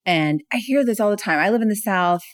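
A woman speaker and author, a guest on a podcast, talking lively and acting out little quoted phrases. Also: a little fast, dry recording, studio quality. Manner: lively, acts out little quotes with jumps in pitch. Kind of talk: conversational interview.

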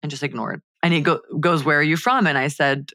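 A woman's voice: low voice, steady tone, fairly quick, bright, forceful tone, no room sound. A young woman co-hosting a podcast, telling a heated story in casual chat, full of "like" fillers. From Miami. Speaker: podcast co-host.

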